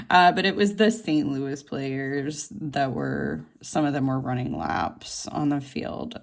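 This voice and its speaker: A woman vlogger chatting casually while planning, rambling with lots of fillers and laughs, her voice jumping up when she gets excited. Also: creaky. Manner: gushing, voice jumps high when excited.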